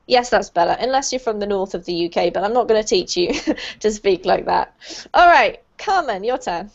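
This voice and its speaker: Over dull, lo-fi video call audio, a woman teaches pronunciation to an online group. Her mid-range voice has lively intonation, normal speed and some vocal fry, and she stays encouraging and upbeat, praising students often.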